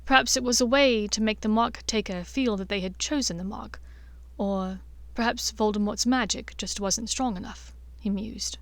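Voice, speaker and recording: A woman narrating a fan-fiction audiobook in a measured, expressive reading. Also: medium pitch, dry recording.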